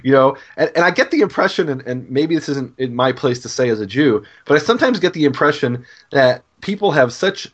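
A man's voice: mid-range voice, lively intonation, brisk, hardly any pauses, dull audio. A Jewish teacher in a casual discussion, talking animatedly, laughing often and restarting his sentences.

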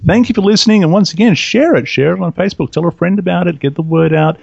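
An Australian man hosting a radio program, chatty and upbeat, with a husky voice. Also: high-pitched, fast, darkish tone, no room sound, dull audio. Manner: upbeat, chatty, laughs easily. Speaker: radio show host. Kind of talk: casual radio talk.

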